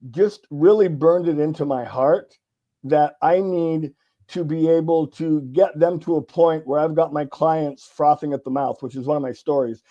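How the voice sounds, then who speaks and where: A middle-aged man from California, a sales author and guest, telling lively stories in a casual interview and acting out the dialogue. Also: fairly high pitch, moderate pace, dull audio. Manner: animated storyteller acting out dialogue, casual swearing. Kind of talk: conversational interview storytelling.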